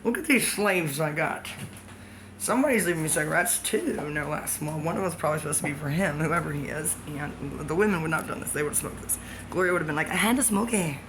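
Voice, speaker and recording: A woman with a fairly low voice rambles through a vlog monologue, hopping from one thought to the next and laughing along the way. A clear layer of background noise sits under her voice. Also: fast. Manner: free-associating, jumpy, laughs often.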